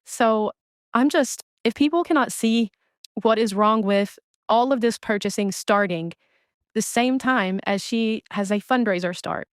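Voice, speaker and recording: A woman's voice: a little high, measured pace, smooth, dry recording. A woman delivering a blunt, scornful commentary rant, speaking close to the mic. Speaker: commentary creator. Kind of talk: ranting commentary on another streamer.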